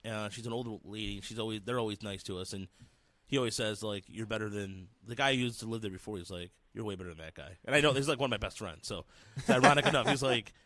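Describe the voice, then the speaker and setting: Bright-voiced radio co-host. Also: male voice, on the low side, fast talker, no echo. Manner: animated anecdotes with laughs. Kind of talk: casual studio chat.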